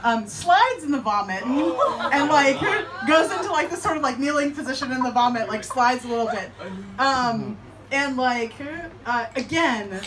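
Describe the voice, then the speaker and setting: Laughing, animated young woman storyteller. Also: sits high, normal speed, a crowd in the background. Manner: laughing, animated, filler-heavy. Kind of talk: live storytelling. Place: bar, live audience.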